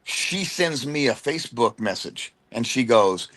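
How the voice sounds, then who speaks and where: A middle-aged man from the United States, a wrestler guest telling stories in an animated, slangy way and slipping into quick impressions. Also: mid-range voice. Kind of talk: casual storytelling chat.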